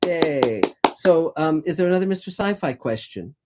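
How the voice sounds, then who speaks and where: Lively-voiced man host over a noisy line. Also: fairly high pitch, moderate pace. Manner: brief encouraging reactions. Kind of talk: casual listening and reactions.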